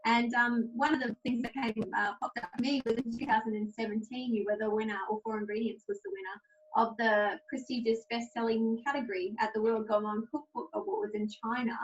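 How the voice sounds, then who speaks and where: A woman's voice: fairly high pitch, steady tone, brisk. A woman hosting a podcast interview, asking chatty questions with frequent "um" between phrases. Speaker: podcast host. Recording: distant, muffled line.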